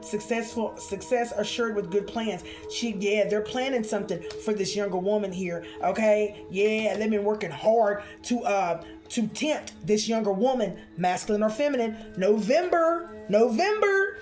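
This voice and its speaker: A woman doing a spiritual card reading for her viewers, expressive and chatty, calling them honey and y'all. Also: mid-range voice, normal speed, hardly any pauses, soft background music.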